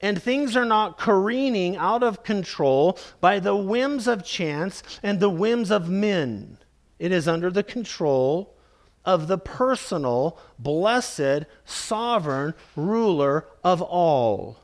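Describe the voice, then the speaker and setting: A man preaching a sermon, slow and emphatic, repeating key phrases and calling his listeners "beloved". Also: high-pitched, lively intonation.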